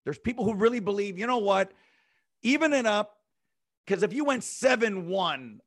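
A man hosting a sports talk podcast, firing off rhetorical questions and answering them himself in quick, punchy bursts. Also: sits high, lively intonation, dry recording, clean studio sound. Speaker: podcast host.

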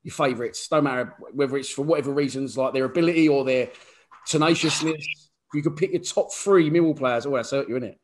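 A man's voice: mid-range voice, fast talker. A man hosting a casual interview who laughs along and asks loose, friendly questions. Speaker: podcast host.

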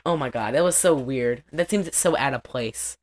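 Low-pitched woman, casual co-host, profane and chatty. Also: moderate pace, a little mellow. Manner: chatty, profane, laughs often. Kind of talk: casual chat recapping a movie.

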